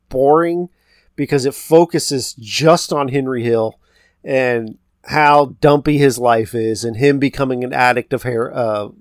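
A man's voice: mid-range voice, no room sound, clean studio sound. A man co-hosting a podcast, loosely retelling a film's plot in a rambling, casual way and quoting characters. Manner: rambling, retells scenes with quoted lines. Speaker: podcast co-host. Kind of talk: casual movie recap chat.

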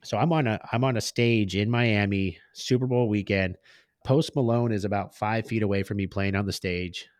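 A man's voice: on the low side, steady tone, moderate pace, no echo, clean studio sound. A man speaking as a podcast guest and business owner. He tells stories in a slangy, candid way and acts out the people he quotes. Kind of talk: casual storytelling in conversation.

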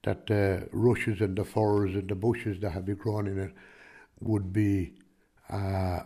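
A man's voice: on the low side, little pitch movement, takes it slowly, mellow. A man with a Kilkenny Irish accent, a farmer answering interview questions in a rambling, chatty way, full of restarts and "do you know what I mean". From Ireland.

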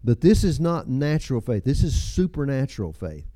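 An older man in his seventies delivers a sermon in a mellow, warm voice. He tells stories in a folksy way, chuckling and dropping personal asides, and the sound is dry and close. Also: medium pitch, big pitch swings, normal speed, no echo. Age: 70s. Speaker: pastor.

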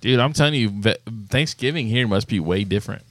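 A man in casual podcast banter, jokey and emphatic, quick to back up a vote. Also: lowish voice, animated, a bit bright.

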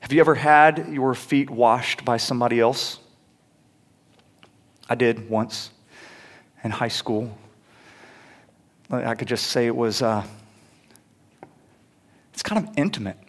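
A man's voice: medium pitch, slow, long pauses. A young adult man preaching a sermon in a conversational way, stumbling on restarts and rising into emphatic peaks. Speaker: pastor.

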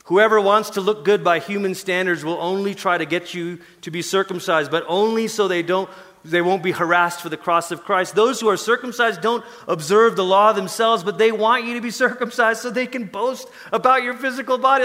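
A man preaching a sermon as pastor, animated, acting out Paul in casual talk and dropping to soft whispers. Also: sits high, moderate pace, long reverb tail.

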